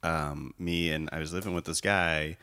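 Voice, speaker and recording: A low-voiced man with a bright, forceful edge, chatting casually and telling a prank story. He laughs through his anecdotes and slips into other people's voices as he recounts them. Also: steady tone, normal speed, clear, resonant tone. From Chicago area.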